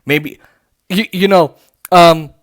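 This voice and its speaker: A man with a high, steady voice hosts a political commentary podcast from home, speaking slowly as he reads posts aloud with sarcasm and indignation, full of fillers and restarts. The recording is dry and studio quality.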